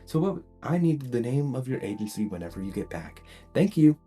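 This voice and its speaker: A man voicing a cheerful small male animal school principal, announcing news briskly in a casual retelling. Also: medium pitch, sing-song, dark tone, faint music behind, voice pushed up, lightly acted. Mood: upbeat.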